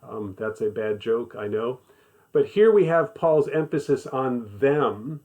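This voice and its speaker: A man leads a Bible study at a steady middle pitch. He talks in a conversational way. He stresses key points by repeating them. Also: slow pace. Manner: conversational, emphatic repetition. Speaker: Bible teacher. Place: living in the American South.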